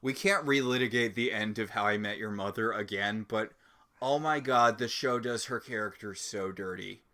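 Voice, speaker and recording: A man's voice: lowish voice, normal speed, sharp tone. A man co-hosting a TV recap podcast in casual chat, chatty and rambling. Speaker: podcast co-host.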